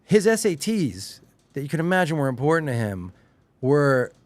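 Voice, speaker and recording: A middle-aged man from Long Island with a slight Long Island accent, chatting casually as a podcast guest and telling stories with lively, acted-out quotes. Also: fairly high pitch, normal speed, no echo. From Long Island, New York. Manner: animated storyteller, acts out quotes with rising excitement. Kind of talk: casual chat.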